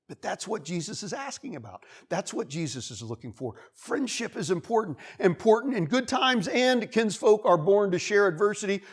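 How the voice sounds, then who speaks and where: A man preaching a sermon in a church, talking in a conversational way and acting out the voices of the people he quotes. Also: on the high side. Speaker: pastor. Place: church sanctuary.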